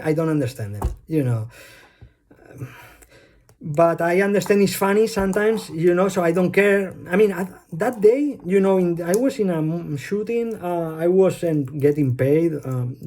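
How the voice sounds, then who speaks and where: A man's voice: a little high, warm tone. A man with a Spanish accent, a native Spanish speaker, rambling bluntly through a casual monologue and swearing offhandedly.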